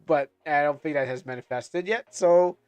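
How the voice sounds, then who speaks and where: A man's voice: fairly high pitch, normal speed, a little mellow, smooth, no echo, faint music behind. A man streaming casually, rambling through stories with lots of fillers and restarts.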